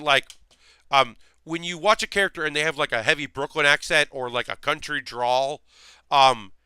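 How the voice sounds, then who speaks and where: A man's voice: medium pitch, sharp tone, clean tone, no echo. A man chatting casually on a live stream while building a model kit, rambling with many fillers and restarts.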